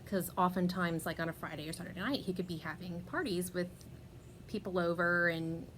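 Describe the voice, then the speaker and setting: A woman's voice: lowish voice, fairly even intonation, fairly quick, a bit bright, a little hiss or hum. A woman telling a casual personal story as a podcast host, chatty, laughing often, with lots of fillers and restarts.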